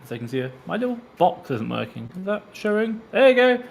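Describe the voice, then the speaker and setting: A man's voice: high voice, big pitch swings, fairly quick, gravelly, darkish tone, slight background noise. A man hosting a casual live question-and-answer stream, chatty, breaking off mid-sentence and reading viewer comments aloud. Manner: chatty, self-interrupting, reads comments aloud.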